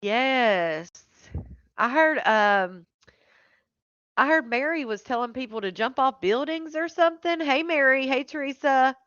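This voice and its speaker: A woman's voice: sits high, expressive, measured pace, a bit bright, clear, resonant tone, no room sound, dull audio. Chatty woman hosting a live stream. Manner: chatty, greets viewers by name, laughs often. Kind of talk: casual live-stream chat.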